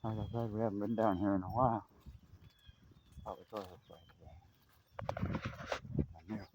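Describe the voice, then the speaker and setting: A man's voice: lowish voice, moderate pace, darkish tone. Chatty man walking his dog outdoors. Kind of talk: casual outdoor walk-and-talk. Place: outdoors on a trail by a river. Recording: faint outdoor noise.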